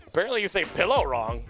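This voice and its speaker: A man voicing an excitable male puppet who hosts a live morning talk show, playful and giggly, chatting casually. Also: high-pitched, exaggerated voice. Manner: playful, giggly, wordplay-loving. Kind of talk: casual live-stream chat.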